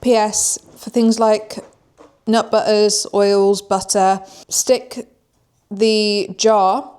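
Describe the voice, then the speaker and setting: A woman's voice: mid-range voice, level tone, extremely slow, a little mellow. A young British woman, an online fitness coach, chatting casually and rambling in a day-in-the-life vlog, swearing now and then.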